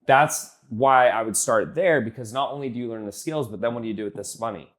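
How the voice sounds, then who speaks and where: A man's voice: mid-range voice, a little fast, fairly bright tone. A young man giving blunt, casual coaching on sales, swearing easily and acting out text messages in a lifted voice. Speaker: business coach.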